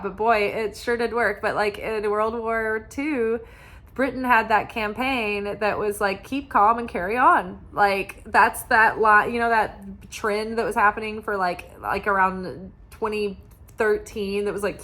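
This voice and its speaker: A woman's voice: medium pitch, steady tone, unhurried, pushed and bright. A young woman talking casually as a tarot reader, rambling with many fillers and restarts. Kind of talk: casual spiritual chat.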